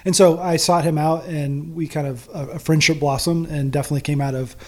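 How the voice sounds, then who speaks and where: A man's voice: on the high side, fairly even intonation, fairly quick, mellow. A man in his late thirties, a golf coach, chatting casually and laughing easily in an interview.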